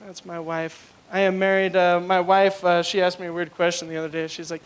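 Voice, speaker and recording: A man's voice: high voice, fairly even intonation, a little fast, few pauses. A young man doing a rambling, crude stand-up comedy set on a live club stage, full of filler words.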